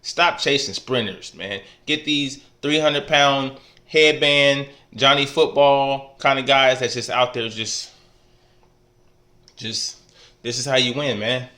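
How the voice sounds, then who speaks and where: A man's voice: medium pitch, steady tone, slow pace, pushed and bright. A man in a casual trash-talk video, laid-back and teasing, tacking "man" onto almost every phrase. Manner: teasing, playful ribbing. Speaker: fantasy football league member.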